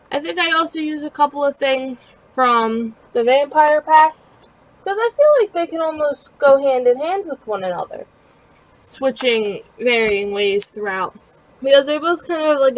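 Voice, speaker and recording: A woman with a fairly high voice gives a casual voice-over for her own building video. She rambles and talks with a chatty, self-deprecating ease, full of fillers, and sounds a little tired. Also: rough recording. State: tired and yawning. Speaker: gaming video creator narrating her build.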